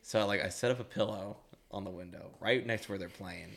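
A young man chats on a podcast with a somewhat low voice. He tells long, rambling stories, full of swearing and laughter. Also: brisk, gravelly, a bit bright. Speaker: podcast co-host. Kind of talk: casual chat.

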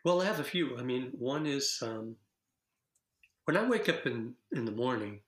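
A playful man talks easily in an interview, slipping into demonstrations and staying lively. His voice sits at an ordinary pitch for a man. The room around him is echoey and roomy. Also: moderate pace. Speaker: guest, laughter practice teacher. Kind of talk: casual interview chat.

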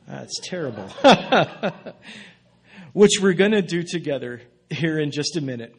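A man preaching as a guest speaker in a relaxed, self-deprecating way, with asides and restarts. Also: on the high side, a little slow, husky. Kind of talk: casual sermon.

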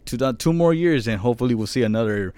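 A man's voice: mid-range voice, animated, fast talker, dark tone, smooth, no room sound. A man co-hosting a podcast, chatting casually in joking, profane banter. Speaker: podcast co-host. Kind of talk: casual chat.

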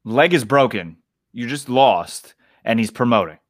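A man's voice: mid-range voice, a little slow, dry recording. Man on a dry-sounding podcast mic. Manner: excitable, rambling retellings with short agreeing replies. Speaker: podcast co-host. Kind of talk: casual sports chat.

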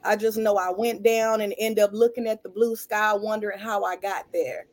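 A woman's voice: mid-range voice, steady tone, moderate pace, a little mellow. A woman in casual podcast chat, blunt and humorous as she tells her stories.

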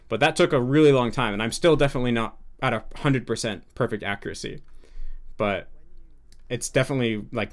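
A young man as a podcast guest, explaining earnestly and thinking aloud in a casual interview. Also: on the low side.

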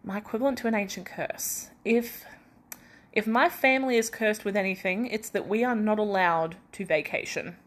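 In a mid-range, slightly bright voice at normal speed, a young Australian woman hosts her own podcast solo. The chat is casual and feverish, full of rambling, self-deprecation and restarts.

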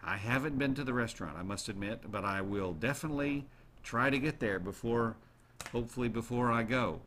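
A man hosting a show, chatting casually to his listeners in an animated way and throwing questions at the audience. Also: mid-range voice, fairly quick, slight background noise. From United States. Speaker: radio show host.

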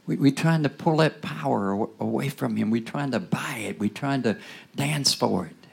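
A man preaching a sermon in a loose, conversational style, tossing asides to the congregation and swinging between loud bursts and near-whispers. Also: mid-range voice, moderate pace, vocal fry, husky. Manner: call-and-response asides, rising to loud bursts then dropping to whispers.

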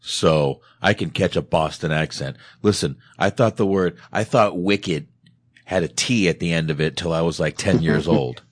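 A man with a very deep voice chats casually as a podcast host, animated and quick to laugh and swear. The sound is dry and close, with no room around it. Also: no room sound. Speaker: podcast host reviewing a film. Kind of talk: casual chat.

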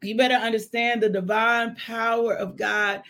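Brief: high-pitched woman host preaching a devotional, loud and exuberant, full of whoops. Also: flat delivery, moderate pace. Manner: exuberant, shouts and whoops, call-and-response.

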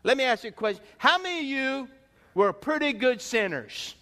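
High-voiced pastor preaching in a reverberant sanctuary. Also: male voice, lively intonation, moderate pace, pushed and bright. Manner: emphatic, rhetorical questions to the congregation. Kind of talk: sermon. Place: church sanctuary. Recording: long reverb in a church hall.

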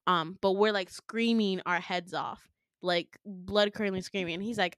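A young woman hosting a podcast, retelling a story in a casual, animated way with lots of fillers and laughter. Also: mid-range voice, unhurried, clear, resonant tone, dry recording, clean studio sound. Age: young adult. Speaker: podcast host.

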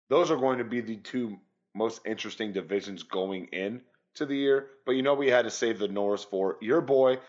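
A man's voice: lowish voice, highs cut off. A man co-hosting a sports podcast, chatting loosely and casually with occasional swearing. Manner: loose and profane, rambling. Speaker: podcast co-host.

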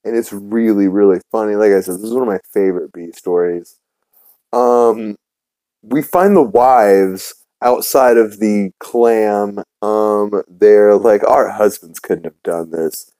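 Man, podcast host, low voice, mellow tone, rambling casual recap, dry close sound. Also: slow, no room sound. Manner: rambling, many fillers.

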